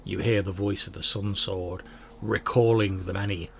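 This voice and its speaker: A man's voice: low voice, steady tone, normal speed, vocal fry, a little hiss or hum. A man running a tabletop game as game master, narrating casually with many fillers.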